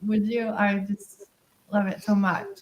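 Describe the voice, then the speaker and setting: A woman's voice: mid-range voice, flat delivery, measured pace. A woman hosting a live interview, effusive and enthusiastic, laughing often as she praises her guest. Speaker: host.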